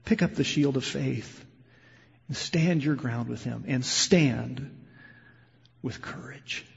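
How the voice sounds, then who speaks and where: A male pastor preaching a sermon, moving between loud, impassioned emphasis and quiet, hushed storytelling. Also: medium pitch, slow, vocal fry, breathy edge. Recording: lo-fi sound with long hall reverb.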